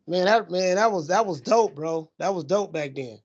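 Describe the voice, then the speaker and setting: A man's voice: high-pitched, lively intonation, normal speed, dull audio. A man co-hosting a podcast in casual chat, reminiscing in a rambling, slangy way with lots of fillers. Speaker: podcast co-host.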